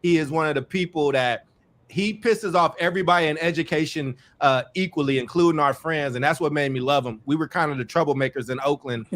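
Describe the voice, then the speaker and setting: Man, podcast host, casual chat, effusive, a bit high-pitched. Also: a little fast. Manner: warm, effusive, laughs often, repeats himself.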